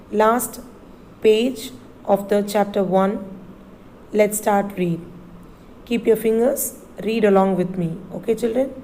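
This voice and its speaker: A woman teacher, reading a textbook passage aloud slowly and spelling each word letter by letter for a class. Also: mid-range voice, dark tone, a little hiss or hum, rough recording. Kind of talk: slow reading lesson, spelling words letter by letter.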